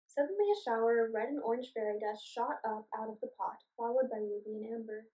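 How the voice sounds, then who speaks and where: A woman reading a children's storybook aloud in a clear, expressive way. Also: fairly high pitch, a little fast, hardly any pauses. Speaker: storybook reader. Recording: echoey room, voice from a distance.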